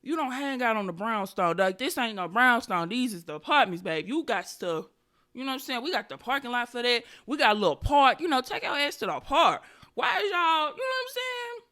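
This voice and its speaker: Animated, profane young woman storyteller. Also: sits high, brisk. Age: 20s. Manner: profane, animated, loud bursts when excited. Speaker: podcast host. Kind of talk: casual comedic storytelling.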